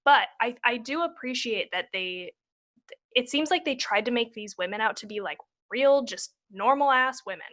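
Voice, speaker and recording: A woman's voice: a little high, lively intonation, normal speed, a bit bright. A woman co-hosting a podcast, chatting casually about a film with a lot of "like.". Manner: casual, filler-heavy talk with lots of "like". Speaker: podcast co-host. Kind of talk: casual chat reviewing a film.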